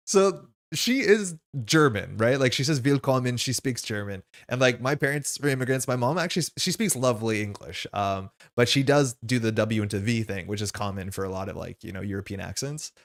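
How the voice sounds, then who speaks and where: A man's voice: medium pitch, lively intonation, moderate pace. A man playing a card game on stream, thinking aloud as he explains the rules and his choices in a casual way.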